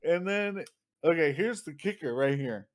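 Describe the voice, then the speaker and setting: A man in his thirties chats casually on a podcast, cursing often and jumping into other people's voices as he tells a story. His voice sits slightly high and swings with his telling. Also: a little slow. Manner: profane, animated storytelling with acted-out quotes. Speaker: podcast co-host.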